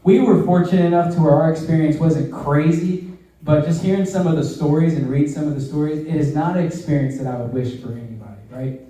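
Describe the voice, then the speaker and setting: A man's voice: fairly high pitch, fairly quick, mellow. A man, a youth pastor, preaching a sermon, telling a personal story in an earnest way and often asking "right?". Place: church service. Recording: echoey hall, voice from far off.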